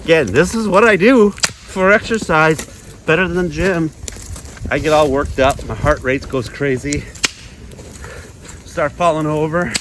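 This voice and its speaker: Middle-aged male outdoors vlogger, mid pitch, rambling and jokey, outdoor noise underneath. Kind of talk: casual how-to vlog. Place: snowy woods outdoors.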